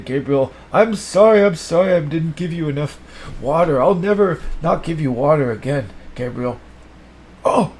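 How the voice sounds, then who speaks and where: A man's voice: a little high, moderate pace. Rambling, profane improvising man. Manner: rambling, profane, swings between mumbling and shouting. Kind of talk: improvised absurd comedy monologue.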